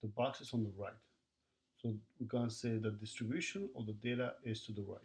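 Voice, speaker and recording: A man's voice: lowish voice, steady tone, brisk, a little mellow. A man teaching a recorded math lesson, talking to students as he works through problems and counts the numbers aloud.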